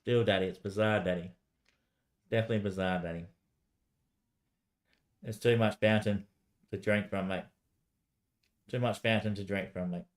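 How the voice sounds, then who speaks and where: A man's voice: on the low side, steady tone, normal speed, pauses often. Man rambling to himself on a stream. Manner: rambling, answers himself back and forth, frequent "mate" and laughs. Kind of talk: rambling solo livestream talk.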